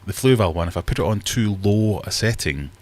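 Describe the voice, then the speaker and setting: Chatty male streamer, deep voice, rambling and self-deprecating. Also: animated, fairly quick, a little mellow. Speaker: livestream host. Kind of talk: casual livestream chat. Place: home fish room.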